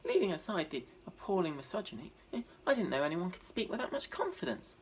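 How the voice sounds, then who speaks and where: A man, doing a deadpan, self-deprecating stand-up set. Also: sits high, quick pace, slight background noise. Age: 20s. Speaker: stand-up comedian.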